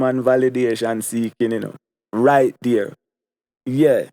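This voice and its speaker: A man's voice: medium pitch, fairly even intonation, slow pace, dark tone, no room sound. Emphatic Jamaican man, dry close sound. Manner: emphatic, repeats his points for stress. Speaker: commentary vlogger. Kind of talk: opinion monologue to camera.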